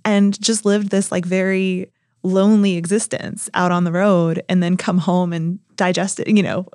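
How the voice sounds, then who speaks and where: Reflective woman co-host, lower voice. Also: flat delivery, normal speed, a little mellow, clear, resonant tone, no echo, clean studio sound. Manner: reflective, sums up the guest's points. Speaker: podcast co-host. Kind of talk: conversational interview.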